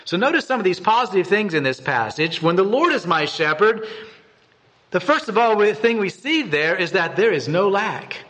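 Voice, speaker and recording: Guy preaching a short devotional, earnest, kinda high voice that swings up and down a lot. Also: sing-song, moderate pace, a bit bright. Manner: earnest, repeats and restarts words, rises in pitch for emphasis. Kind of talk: devotional sermon with scripture reading.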